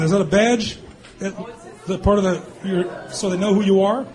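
Joking mayor, high voice, crowd behind. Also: male voice, steady tone, darkish tone. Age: born 1964, 50s or 60s. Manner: teasing, quick quips, laughs often. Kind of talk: joking with children at a public meeting. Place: meeting hall with an audience.

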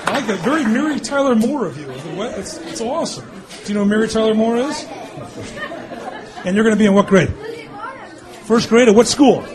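A man in his fifties or sixties, a mayor teasing children at a public meeting with quick jokes and frequent laughs. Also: sits high, animated. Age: born 1964, 50s or 60s. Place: meeting hall with an audience. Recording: crowd noise behind. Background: crowd.

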